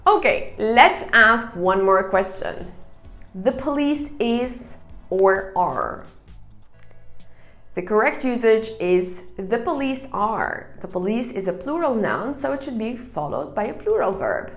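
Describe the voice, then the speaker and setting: A woman's voice: on the high side, sing-song, takes it slowly, fairly bright tone, echoey room, faint music behind. A woman teaching English online, explaining grammar step by step and reading answers aloud.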